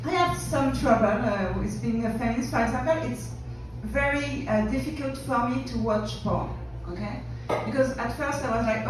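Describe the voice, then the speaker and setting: A woman's voice: on the high side, moderate pace, few pauses. A young woman from France with a French accent, doing brash, self-mocking stand-up comedy in English and laughing often. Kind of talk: stand-up comedy set and workshop chat. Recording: echoey room, mic at a distance, background noise.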